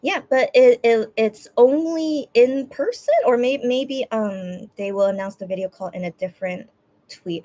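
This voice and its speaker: A woman's voice: a little high, measured pace, dark tone, dry recording. A young woman hosting a casual livestream chat. She hesitates and restarts often and sounds close to tears. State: teary, on the verge of crying. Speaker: livestream host.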